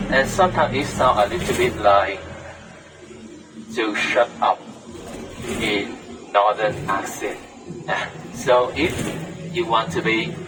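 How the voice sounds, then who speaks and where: A man with a Vietnamese accent, a tour guide explaining things to tourists in halting English full of "uh" fillers, inside a tour bus. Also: fairly low pitch. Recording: from a distance on a bus, music behind.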